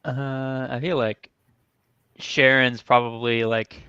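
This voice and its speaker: A man's voice: mid-range voice, flat delivery, slow, sharp tone, clean tone, no echo. A man chatting laid-back as a player at a tabletop game. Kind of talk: casual game table talk. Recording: dull lo-fi mic.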